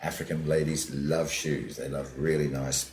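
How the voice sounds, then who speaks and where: An older man, a comedian, telling animated stories in a casual interview, sometimes dropping to a low mutter. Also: moderate pace, slight background noise. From Australia. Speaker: comedian guest. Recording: echoey room with faint ambience.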